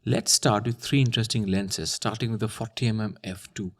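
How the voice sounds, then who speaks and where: A man's voice: on the low side, fairly even intonation, a little fast. A man talking casually to camera, with a playful, teasing manner. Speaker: camera YouTuber. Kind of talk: casual talking-head commentary.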